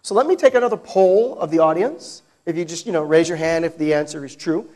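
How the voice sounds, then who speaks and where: A man's voice: on the high side, brisk, a little mellow. A man from New York with an American accent, giving a technical conference talk and joking with the audience. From New York, United States. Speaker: conference speaker. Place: large conference hall.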